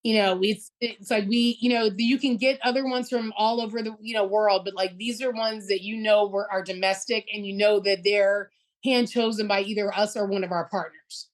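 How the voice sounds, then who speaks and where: A woman's voice: medium pitch, normal speed, rough recording. Chatty woman telling stories in an interview. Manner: lively, storytelling with many "like" and "you know". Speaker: co-founder, guest. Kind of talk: casual interview chat.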